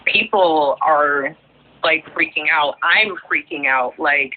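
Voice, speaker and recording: A woman's voice: low-pitched, slow. Woman guest, casual rambling chat, filler-heavy, thin phone-line sound. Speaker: guest, YouTuber.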